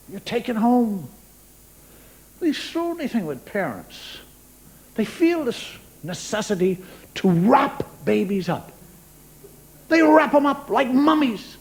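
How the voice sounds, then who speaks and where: A man's voice: very high-pitched, big pitch swings, measured pace, pauses often, rough recording. A man performing a wry, chatty stand-up monologue, talking straight to a live studio audience. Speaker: stand-up comedian.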